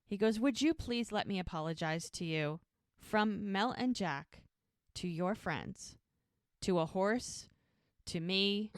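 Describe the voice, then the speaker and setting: A woman's voice: mid-range voice, expressive, slow, no echo, clean studio sound. A woman co-hosting a podcast, casually retelling a TV episode scene by scene, acting out the characters' lines and laughing often. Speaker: podcast co-host recapping a TV episode. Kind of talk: casual chat.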